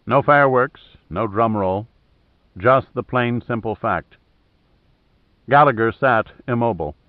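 A man narrating an audiobook in a steady, measured way. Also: medium pitch, dry recording. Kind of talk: scripted narration. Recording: thin phone-like dry audio.

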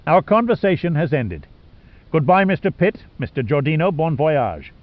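A man voicing a cold, sadistic wealthy villain who speaks in a slow, smooth, higher voice. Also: big pitch swings, no echo, highs cut off. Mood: cold menace. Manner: slow, smooth and raised in pitch.

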